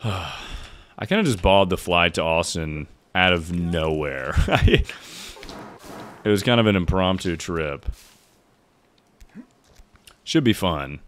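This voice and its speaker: Low-voiced young man streaming a game. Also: lively intonation, slow, pauses often, slight background noise. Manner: chatty, swears, breaks into loud frustrated outbursts. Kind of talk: casual live gameplay commentary.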